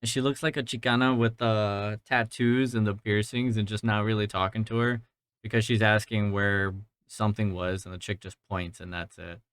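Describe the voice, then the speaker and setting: A man in his twenties from Georgia hosts a casual movie-review podcast, rambling, swearing and making fun of himself. His voice is on the low side, clear and resonant with a slight brightness, level in tone and moderately paced, recorded on a mounted podcast mic.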